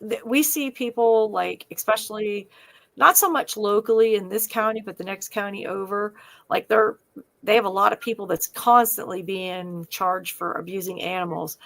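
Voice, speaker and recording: A woman co-hosting a casual podcast, speaking in a hesitant, soft-hearted way with lots of small fillers. Her voice has a gravelly, fry-heavy texture. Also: mid-range voice, fairly even intonation, normal speed. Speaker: podcast co-host. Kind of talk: casual chat.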